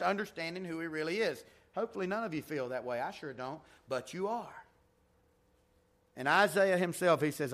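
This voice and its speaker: A man's voice: fairly high pitch, expressive, normal speed, a bit bright. A man preaching a revival sermon as pastor in a church sanctuary, emphatic, swelling and dropping in intensity.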